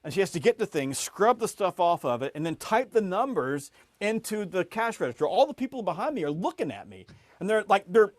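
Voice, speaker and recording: A middle-aged man with a fairly high voice spins an animated sales story as a podcast guest. His volume and pitch climb as the tale builds, and his words often tumble into quick restarts. The sound is close and dry, with no room around it. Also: dry recording.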